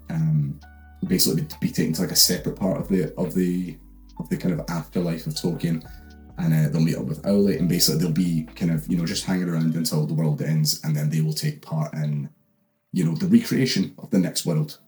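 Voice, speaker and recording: A man's voice: deep voice, darkish tone. Young scottish guy recapping a book for laughs, lots of likes and swearing, faint music behind. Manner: rambling, swearing, full of fillers. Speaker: host.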